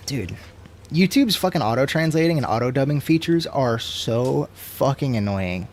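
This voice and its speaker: Young guy streamer, tipsy, foul-mouthed, rambling, loud rants then quiet mutters, mid-pitched voice. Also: expressive, normal speed, a little hiss or hum. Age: 20s. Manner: profane, rambling, swings between loud rants and mumbles. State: tipsy from drinking. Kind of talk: casual stream chat.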